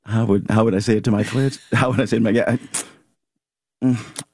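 Male guest, deep gravelly baritone, husky and warm, relaxed and laughing. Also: fast talker, no echo, studio quality. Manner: laughs easily, relaxed and reflective. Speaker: guest, playwright and actor. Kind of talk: casual radio interview chat.

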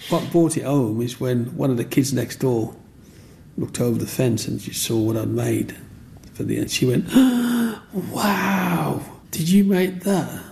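Older man, gravelly and warm, animated storyteller, faint room ambience behind. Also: mid-range voice, moderate pace, a little hiss or hum. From Black Country, England. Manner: lively, acts out voices in his stories. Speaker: interviewee.

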